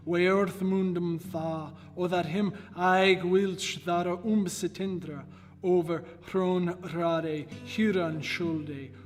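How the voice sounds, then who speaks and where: A man reading old epic verse aloud in a slow, measured chant. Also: fairly high pitch, long reverb tail. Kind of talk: recited Old English verse.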